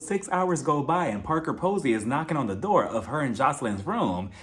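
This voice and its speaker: A man giving a casual, expressive recap of a reality TV episode, opinionated and full of "like" and "you know". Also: medium pitch, a little fast. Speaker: reality TV reviewer.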